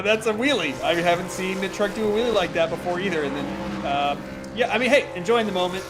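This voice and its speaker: A man doing play-by-play commentary for a sim racing broadcast, chatty and quick, laughing easily between calls. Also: sits high, fairly bright tone, a little hiss or hum.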